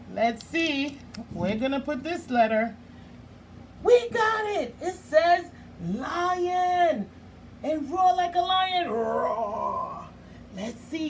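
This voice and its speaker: Slow sing-song woman teaching little kids. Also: on the high side, slight background noise. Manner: slow, sing-song, drawn-out sounds with playful questions. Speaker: early learning teacher. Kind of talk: teaching letter sounds to young children.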